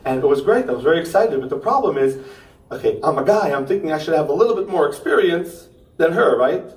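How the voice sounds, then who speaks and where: A young man performing a stand-up comedy set, ranting with punchy asides and tagging jokes with a quick "okay?". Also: fairly high pitch, expressive. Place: pop-up theater stage. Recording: roomy theater sound from far off.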